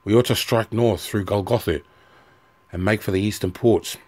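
Man reading as a scornful soldier, bitter, sneering, deep voice, audiobook. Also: moderate pace, a little mellow, lightly acted. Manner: sneering and resentful. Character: bitter, scornful male Legion officer.

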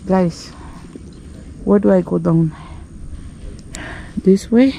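A woman vlogging outdoors as she climbs a ruin, talking to her viewers in a slow, unhurried way full of nervous exclamations. Her voice sits low and a little gravelly, with a dark, mellow tone. It is picked up on an action camera. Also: a little hiss or hum. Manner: nervous running commentary to viewers, many exclamations. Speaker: travel vlogger. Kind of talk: handheld travel vlog commentary.

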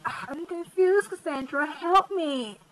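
A man's voice: extremely high pitch, slow, a bit bright, pitched above the performer's own voice, exaggerated voice, poor audio. A young man voicing an airheaded teenage girl caller with a valley-girl drawl. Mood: ditzy.

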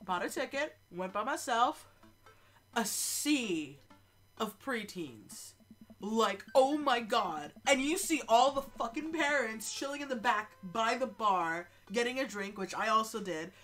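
Young woman streamer with a cold, lightly high and bright, lively and profane. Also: unhurried. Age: young adult. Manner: animated, joking, swears a lot. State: sick and stuffed up. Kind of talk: live game stream with commentary. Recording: faint game music behind.

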